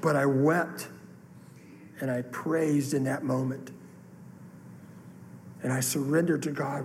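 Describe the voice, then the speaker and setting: Earnest preacher in a reverberant hall. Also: male voice, medium pitch, steady tone, slow pace, pauses often, a little hiss or hum. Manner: earnest, emotional testimony with rising outbursts. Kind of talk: sermon storytelling. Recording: long hall reverb, faint room ambience.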